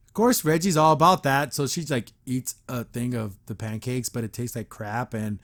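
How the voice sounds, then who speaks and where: A man's voice: medium pitch, fairly even intonation, normal speed, few pauses, a bit bright. A man hosting a podcast, recapping a show episode in a rambling, exasperated, casual way with many fillers and restarts. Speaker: podcast host.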